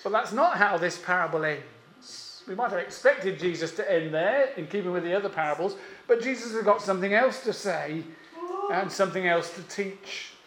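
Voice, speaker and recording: A man preaching a sermon, emphatic and pausing often, with rhetorical questions. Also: high-pitched, a bit bright, slight background noise. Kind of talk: expository sermon. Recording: echoey room.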